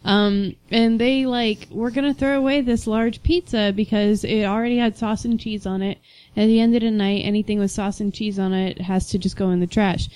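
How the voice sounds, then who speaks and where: A woman's voice: medium pitch, normal speed, clear, resonant tone, no echo. A young woman chatting casually, telling stories and acting out what people said. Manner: animated storyteller, acts out quoted voices. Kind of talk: casual chat.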